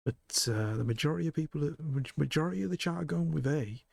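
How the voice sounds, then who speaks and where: A man's voice: fairly high pitch, fast, creaky, darkish tone, no room sound, studio quality. A man streaming live, chatting casually with viewers, joking and laughing often.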